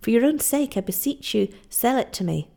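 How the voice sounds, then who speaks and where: A woman's voice: sits low, expressive, moderate pace, creaky, warm tone, full character voice. A woman reading aloud and voicing a grave, earnest young island husband who pleads in earnest. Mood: pleading.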